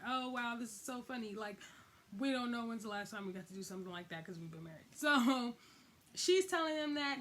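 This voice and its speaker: Young woman, casual TV recap host, AAVE lilt, fairly high voice, animated retelling. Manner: chatty, animated, heavy use of "like", acts out quotes.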